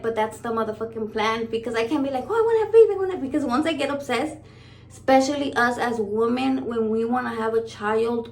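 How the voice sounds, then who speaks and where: Woman in her 30s vlogging, cussing a lot, kinda high voice, real excitable. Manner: profane, blunt, excitable. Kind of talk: casual storytelling to camera.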